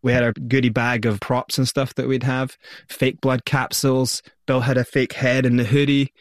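A man with a Scottish accent recounts his past as an interview guest, bringing the story alive with lively delivery. His voice sits in an ordinary middle register. The recording is close and dry, with no room sound. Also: mid-range voice, moderate pace, no echo. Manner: energetic, vivid storyteller who acts out quotes.

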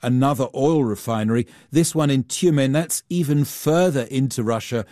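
A man, a global affairs reporter, explaining events in a measured, explanatory way during a news interview. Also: mid-range voice, warm tone, no room sound, studio quality.

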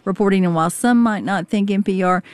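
A woman with a mid-pitched voice makes earnest, upbeat appeals for listener support. She speaks in a close, dry studio. Her delivery stays warm and steady throughout. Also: fast, no room sound. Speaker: radio pledge drive co-host. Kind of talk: on-air fundraising pitch.

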